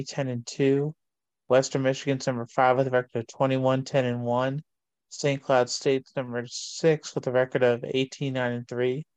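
A man, hosting a casual sports show and reading long lists of college rankings in a steady way. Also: mid-range voice, clean tone, no room sound.

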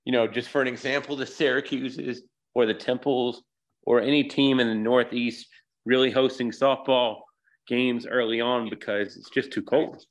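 A man's voice: mid-range voice, steady tone, moderate pace, poor audio. A man co-hosting a casual sports talk, speaking loosely with lots of "you know" and "like".

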